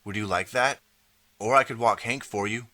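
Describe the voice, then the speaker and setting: A man's voice: lowish voice, normal speed, pushed and bright, no echo, voice pushed up. A man voicing a desperate, eager boy who keeps pleading to be believed. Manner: pleading, earnest.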